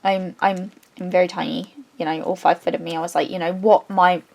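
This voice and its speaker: A woman, a craft vlogger chatting casually and retelling a story in a rambling, animated way with many restarts. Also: on the low side, a little fast, creaky.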